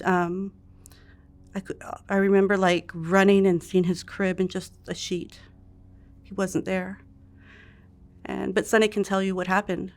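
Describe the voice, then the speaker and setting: Low, flat-voiced woman recalling childhood. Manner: halting, soft-spoken with restarts. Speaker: interview guest. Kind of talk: recounting a childhood memory.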